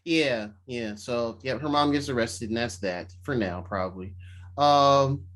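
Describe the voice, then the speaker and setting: A man co-hosting a podcast, casually recapping an episode and acting out the characters' lines in quick voices. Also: mid-range voice. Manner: animated retelling, slipping into quick voices for the characters. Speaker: podcast co-host. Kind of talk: casual chat recapping a show.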